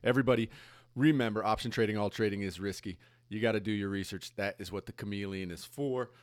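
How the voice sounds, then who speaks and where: A man co-hosting a trading show in casual chat, laid-back and quick to laugh, full of dude and man. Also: fairly low pitch, no echo, clean studio sound. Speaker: co-host of options trading show.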